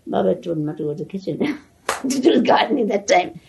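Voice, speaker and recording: An older woman tells a story from the past in a very breathy, soft-edged voice. Her tone is mellow and her pitch sits in the middle. She stays animated, laughs often and restarts her sentences. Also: fast talker, highs cut off. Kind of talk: reminiscing storytelling.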